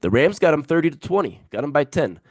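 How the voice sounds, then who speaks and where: A man's voice: fairly high pitch, sing-song, fast, no echo, studio quality. A man co-hosting a sports podcast in casual banter, emphatic and repeating his picks for effect.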